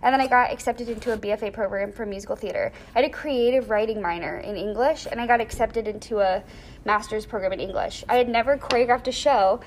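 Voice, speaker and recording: A young woman in a casual interview, telling a personal story with lively acted-out quotes and lots of "like". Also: a little high, quick pace, a little hiss or hum. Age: young adult. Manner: animated storyteller, acts out quoted voices; frequent "like" fillers.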